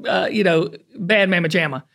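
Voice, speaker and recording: A middle-aged Southern woman with a Southern American accent, hosting a talk show in chatty, animated storytelling. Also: fairly low pitch, normal speed. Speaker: host. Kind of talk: casual chat.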